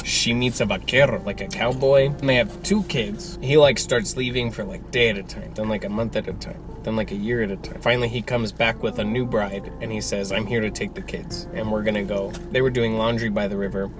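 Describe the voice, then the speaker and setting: A man hosting and acting in a comedy sketch, talking in an excitable, jokey way with lively jumps in pitch, in a parked car at night. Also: fairly quick, few pauses, over music. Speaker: host.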